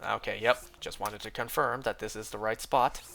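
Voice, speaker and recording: A man's voice: lowish voice, steady tone, normal speed, gravelly, fairly bright tone, faint music behind. A young man streaming a game, telling a rambling, profane story in casual chat, full of fillers. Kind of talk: casual chat while gaming.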